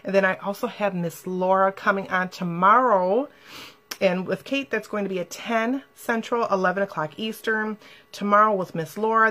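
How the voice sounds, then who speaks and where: A woman's voice: medium pitch, a bit bright. A woman hosting a live stream, talking casually and emotionally to viewers and reading their comments aloud.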